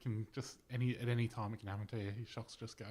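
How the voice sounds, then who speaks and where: A man's voice: on the low side, flat delivery, fast, warm tone. A man hosting a podcast, rambling through anecdotes in casual chat. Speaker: podcast host.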